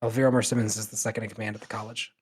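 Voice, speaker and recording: A man's voice: on the low side, little pitch movement, very fast, breathy edge. A man narrating a tabletop game as game master, in a loose style full of fillers.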